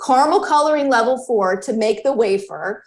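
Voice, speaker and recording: A woman in her thirties, a podcast guest, telling a personal story in casual chat and acting out the quoted voices with lively jumps in pitch. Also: a little fast. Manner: animated, acts out quoted dialogue with pitch jumps.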